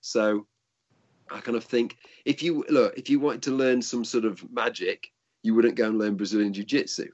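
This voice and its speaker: A man's voice: mid-range voice, steady tone, moderate pace, darkish tone, muffled recording. An older man and martial arts instructor answering interview questions in a casual, rambling way with frequent restarts.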